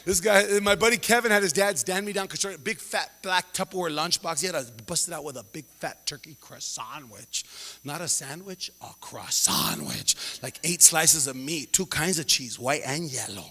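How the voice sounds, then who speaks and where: A man doing stand-up comedy, telling stories in a slangy, animated way and acting out the people in them. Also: on the high side. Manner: animated, slangy, acts out characters in quick asides. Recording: long hall reverb.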